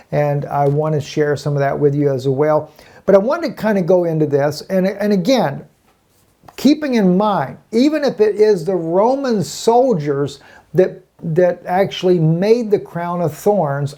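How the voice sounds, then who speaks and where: A man's voice: sits high, mellow. A man giving a casual online Bible teaching from home, rambling with many fillers and restarts.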